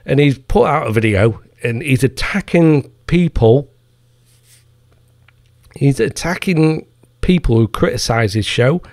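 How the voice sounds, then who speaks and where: A man runs his own podcast and holds forth in a casual, foul-mouthed rant full of mockery. His voice is gravelly and sits at a middling pitch. The recording is dry and close, with no room sound. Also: animated, unhurried, pauses often, darkish tone, no room sound. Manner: profane, heated ranting with mocking asides. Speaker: podcast host.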